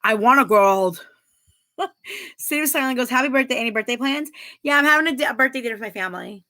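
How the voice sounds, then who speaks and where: Giggly woman streamer chatting w her viewers, kinda high, really bright tone. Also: fast. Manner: chatty and giggly, laughs often. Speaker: livestream host. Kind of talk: casual chat reading viewer comments aloud.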